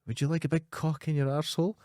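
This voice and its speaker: A man's voice: on the high side, flat delivery, racing, a little mellow, no echo, clean studio sound, voice pushed up, close to an everyday voice. A man doing a creepy van driver. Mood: leering.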